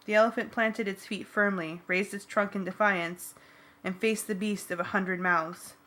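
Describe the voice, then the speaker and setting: Bright-voiced woman reading a story. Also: mid-range voice, steady tone, moderate pace. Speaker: audiobook reader. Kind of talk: first-person audiobook narration.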